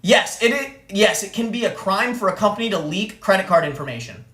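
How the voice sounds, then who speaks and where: A woman's voice: mid-range voice, lively intonation, fairly quick, a bit bright, roomy sound. A woman streamer telling a story in an angry, profane rant, repeating phrases for emphasis. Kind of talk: ranting live-stream story.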